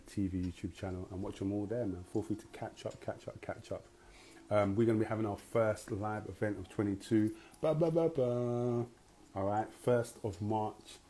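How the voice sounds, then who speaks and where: Low-voiced man hosting a live stream. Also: mellow, a little hiss or hum. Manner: upbeat, chatty promo patter with slang. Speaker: host.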